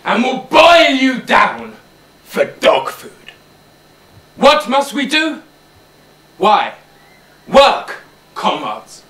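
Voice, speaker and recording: A male drama student playing an old boar who stirs the farm animals to revolt, with fiery oratory, a rasping menace and shouted key words. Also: very high voice, huge pitch swings, extremely slow, pauses often, heavily acted. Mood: rousing. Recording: roomy, distant mic.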